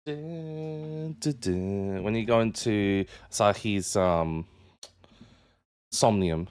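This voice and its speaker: A man's voice: on the low side, drawn-out words, clear, resonant tone. A man streaming live, chatting casually with his viewers and greeting chat members one by one. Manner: animated, jumps up into excited yelps.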